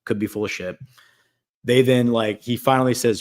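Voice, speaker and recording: A man's voice: mid-range voice, steady tone, moderate pace. A man hosting a casual talk show, telling a long story full of fillers and acted-out quotes. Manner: rambling, filler-heavy, acts out quotes. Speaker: podcast host.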